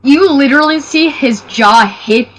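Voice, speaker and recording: A woman at a tabletop game, excitable and telling things with animated flair. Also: high-pitched, a little slow, a little hiss or hum, poor audio. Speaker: player. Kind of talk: tabletop role-play chat.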